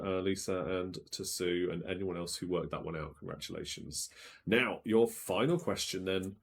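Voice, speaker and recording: A man hosting a live-streamed quiz, chatting as he reads out viewers' guesses and checks them aloud. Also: fairly low pitch. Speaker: quiz show host.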